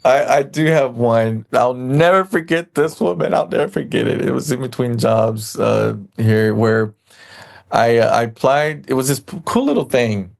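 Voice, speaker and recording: A man's voice: medium pitch, expressive, normal speed, gravelly. A man chatting casually on a podcast, telling rambling stories and acting out the people in them. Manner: rambling storyteller, acts out quoted people. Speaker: podcast guest.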